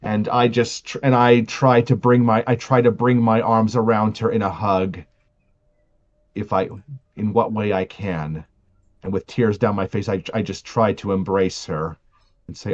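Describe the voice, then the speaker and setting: A man playing his character in a tabletop game, speaking earnestly and haltingly, often restarting his sentences. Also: lowish voice, steady tone, lo-fi sound. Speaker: player.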